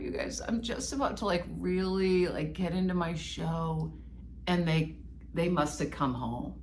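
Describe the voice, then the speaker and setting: A woman co-hosting a podcast, telling a personal story in an animated, self-mocking way. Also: fairly low pitch, a little slow, slight background noise. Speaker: podcast co-host. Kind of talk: casual storytelling chat.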